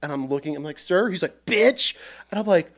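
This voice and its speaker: A man hosting a casual podcast, telling lively stories and swearing freely as he acts out shouted quotes. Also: on the high side, very fast. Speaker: podcast host. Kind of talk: casual storytelling chat.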